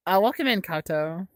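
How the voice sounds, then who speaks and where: A young woman chats on her livestream, reacting to comments with giggles and stumbling restarts. Her voice swoops up and down in lively bursts. It is picked up dry and close on a desk mic, with no room sound. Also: mid-range voice, dry recording. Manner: giggly, stammering, jokey. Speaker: livestream host. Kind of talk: casual chat reading viewer comments.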